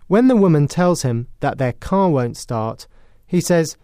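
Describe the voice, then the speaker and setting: A British man narrates a radio English lesson in a clear, careful, explanatory way. His voice is fairly high for a man, yet mellow and warm. The sound is close and dry, like a studio. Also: animated, no echo. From Britain. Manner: clear, measured, explanatory, with acted sarcastic example lines. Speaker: English teacher presenting a lesson. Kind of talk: scripted educational narration.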